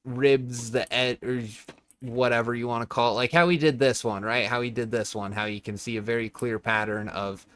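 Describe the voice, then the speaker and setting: A man's voice: mid-range voice, fairly even intonation, moderate pace, a bit bright. A young man streaming a building game from home, blunt and rambling, swearing a lot and talking to his chat and his cat on a desk microphone. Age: young adult. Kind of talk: casual livestream chat while gaming.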